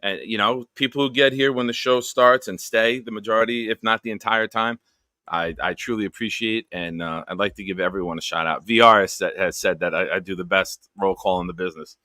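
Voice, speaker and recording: Male stream host, bright tone, dry close mic, playful roll-call delivery. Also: lowish voice, fairly even intonation, fairly quick, no echo. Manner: jokey, upbeat roll call of viewers. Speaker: show host. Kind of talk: casual live-stream chat.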